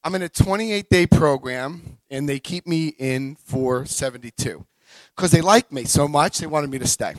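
A middle-aged man giving a personal recovery talk, an animated storyteller who acts out quotes and swings between quiet and loud. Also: a little high, normal speed, dry recording, low-quality recording. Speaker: recovery speaker.

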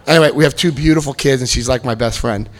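Man in his fifties, recovery-meeting testimony, lively storytelling, jokes and high-pitched quotes. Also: fast talker. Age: 50s. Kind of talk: personal testimony to an audience.

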